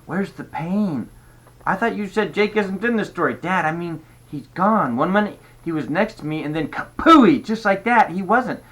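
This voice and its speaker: A man's voice: high-pitched, lively intonation, moderate pace, fairly bright tone, pitched above the performer's own voice. An older man reading aloud and voicing a clever, bossy young girl in a storybook. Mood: worried.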